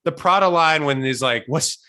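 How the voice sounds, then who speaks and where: Bright-voiced man telling a rambling story. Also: medium pitch, lively intonation, normal speed. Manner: rambling storyteller, laughs a lot. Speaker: podcast host. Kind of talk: casual podcast chat.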